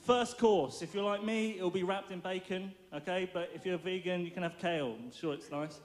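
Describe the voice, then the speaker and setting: Male preacher, high voice, playful and jokey, informal sermon delivery. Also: moderate pace. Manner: playful, jokey, laughs often.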